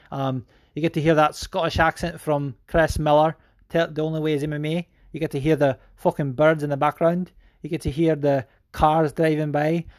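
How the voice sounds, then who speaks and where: A man hosting a podcast, talking casually in a rambling, excitable way with plenty of fillers and swearing. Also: fairly high pitch, no echo, studio quality. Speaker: podcast host. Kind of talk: casual chat.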